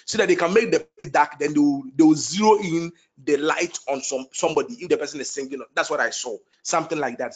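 Man, prophetic prayer leader, fervent repeated declarations, slightly high voice. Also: a bit bright.

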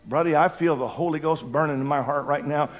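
A man preaching an altar call sermon, fervent, swinging between loud cries and hushed pleading. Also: fairly high pitch, brisk.

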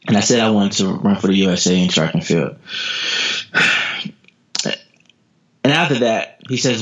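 An American man in his thirties, a sprinter telling motivational stories as a podcast guest, energetic, repeating his words and laughing often. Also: fairly low pitch, moderate pace, long pauses. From United States. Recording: dull lo-fi podcast audio.

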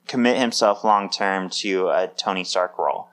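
A man's voice: low-pitched, moderate pace, a bit bright, clear, resonant tone. A man co-hosting a podcast in casual chat, talking in an upbeat, chatty way with lots of fillers. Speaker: podcast co-host.

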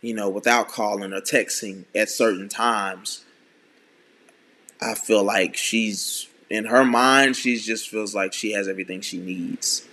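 A man in his thirties telling a candid personal story in an earnest, halting way, often restarting his sentences. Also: fairly low pitch, steady tone, pushed and bright, a little hiss or hum. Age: 30s. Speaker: speaker sharing a personal testimony.

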